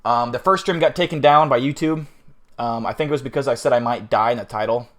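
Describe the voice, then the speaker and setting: A man's voice: mid-range voice, quick pace, a bit bright. Casual male streamer, rambling and profane, flustered, self-mocking. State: flustered after eating something awful. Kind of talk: casual live-stream chat.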